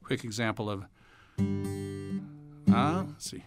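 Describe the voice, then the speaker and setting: A relaxed male musician talks through his songwriting in an easy, storytelling way, with a mid-pitched voice. Guitar music plays clearly behind him. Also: normal speed. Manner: relaxed storyteller, breaks into song to illustrate. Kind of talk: casual interview talk with sung snippets.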